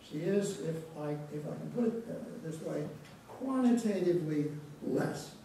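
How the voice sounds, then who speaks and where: A man giving a public history lecture in a church, speaking in a measured, thoughtful way with frequent restarts. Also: on the high side, animated, dark tone, recorded from a distance, slight background noise. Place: church hall. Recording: very echoey church, voice from afar.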